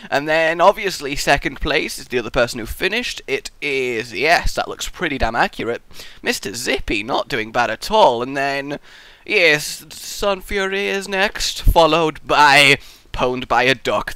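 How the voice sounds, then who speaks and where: A man hosting a building contest and giving live game commentary, full of goofy rambling tangents and excitable outbursts. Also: fairly high pitch, moderate pace, clean tone, no echo.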